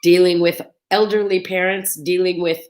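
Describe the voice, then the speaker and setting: A woman's voice: fairly low pitch, level tone, moderate pace, darkish tone. A middle-aged woman hosting her own vlog, talking to viewers in a chatty, upbeat way and often restarting her phrases. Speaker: vlog host. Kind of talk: casual chat to camera.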